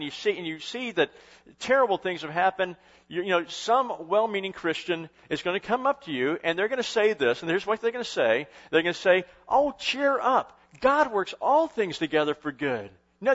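A man delivering a sermon, his voice sitting a little higher than most men's. He speaks conversationally, building up and then dropping back, with frequent restarts. The recording is dull and lo-fi. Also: fairly bright tone. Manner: conversational, rising and falling in intensity with short restarts. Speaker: pastor.

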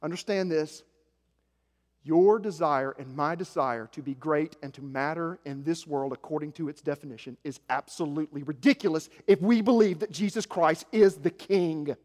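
A man in his forties from Arkansas, preaching a sermon with self-mocking stories, shifting from quiet asides to loud emphasis. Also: fairly high pitch, normal speed. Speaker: pastor. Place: church sanctuary. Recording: echoey hall.

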